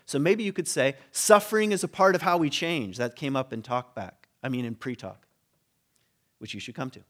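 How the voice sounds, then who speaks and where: A man's voice: mid-range voice, normal speed. A man giving a conversational sermon, telling a story with humor and briefly acting out the characters' lines. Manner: animated storytelling, acting out quoted voices with humor. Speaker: preacher.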